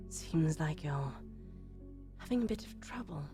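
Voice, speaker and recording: A woman voicing a suave, mocking male vampire in a low, hushed, half-whispered voice, as an improvised character on a stream. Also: animated, slow pace, music in the background, heavily acted. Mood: taunting.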